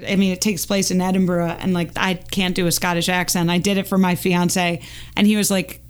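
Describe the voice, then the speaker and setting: A woman's voice: lowish voice, level tone, brisk, clear, resonant tone. A woman guesting on a podcast as an author, talking eagerly and a bit self-deprecatingly. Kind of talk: casual podcast chat.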